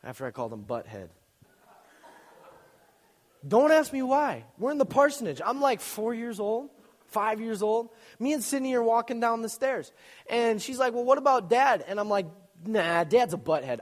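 A young man giving a casual, joking sermon, telling stories with sudden loud bursts and quick asides. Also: very high voice, sing-song. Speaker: youth speaker. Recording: long reverb in a hall.

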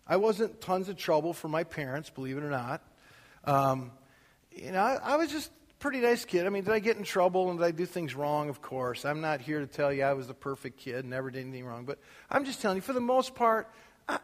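Middle-aged male pastor, slightly high pitch, conversational sermon delivery that rises for scripture, recorded in a reverberant sanctuary. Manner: conversational, rising to emphatic scripture reading. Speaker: preacher. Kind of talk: casual sermon. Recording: long reverb of a hall.

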